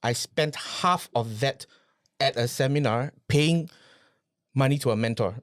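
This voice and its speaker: Medium in pitch and unhurried, a man tells his business story during a casual podcast interview. He's animated, repeats phrases, and leans on rhetorical questions. The studio-quality audio has no room sound.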